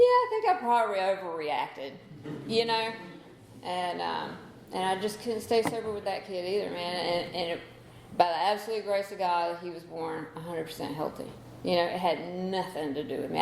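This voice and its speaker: A woman's voice: fairly low pitch, creaky, a little hiss or hum. A woman in her thirties sharing her story at a recovery meeting, candid and conversational, with lots of "you know" fillers. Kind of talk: personal testimony talk. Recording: echoey room recording.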